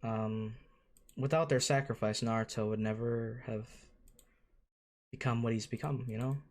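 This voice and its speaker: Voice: medium pitch, steady tone, moderate pace, a little mellow. An anime reaction host in casual commentary, gushing and emotional and swearing freely.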